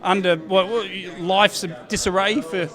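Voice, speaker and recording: Aussie guy on a red carpet, high bright voice, jokey and matey. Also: fairly even intonation, normal speed. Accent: Australian. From Australia. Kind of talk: casual red carpet chat. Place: outdoor red carpet in a city.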